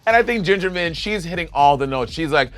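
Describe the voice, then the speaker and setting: A man's voice: on the high side, animated, fairly quick, fairly bright tone, dry recording. A man hosting a casual chat show, playful and teasing, laughing often. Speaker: host.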